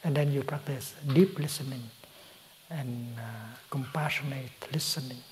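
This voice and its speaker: Elderly Vietnamese-accented male monk, soft breathy dharma talk, mid-pitched, faint hiss behind. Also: poor audio. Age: 80s. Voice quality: breathy, often slipping to a whisper. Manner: gentle, soft-spoken, unhurried with frequent pauses. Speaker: Buddhist monk teacher. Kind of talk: dharma talk answering a question.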